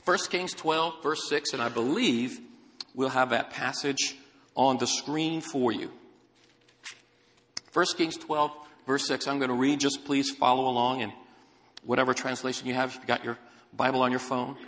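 A man preaching as a guest pastor, telling a story with animated delivery and calling to the congregation. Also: mid-range voice, moderate pace, big-room sound, slight background noise. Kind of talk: sermon. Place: church sanctuary.

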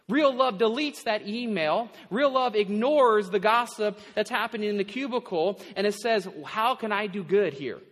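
A man with a high voice delivers a sermon as pastor in a church. He talks in a relaxed, conversational way and laughs often while he preaches. His voice rings out with a long reverb from the hall. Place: church sanctuary.

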